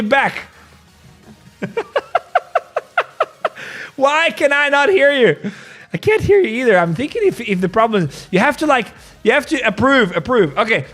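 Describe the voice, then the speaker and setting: A man runs a casual live trading stream, his voice sitting high. He talks in excited bursts and repeats his points again and again. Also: brisk, hardly any pauses, soft background music. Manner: excitable, repeats himself, calls people bro. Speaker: crypto live-stream host.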